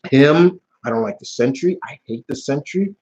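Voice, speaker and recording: A man's voice: mid-range voice, animated, normal speed, a little mellow, husky. A young man hosting a live Q&A stream in casual talk, blunt and heated, swearing often and restarting his sentences. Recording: dull lo-fi stream audio.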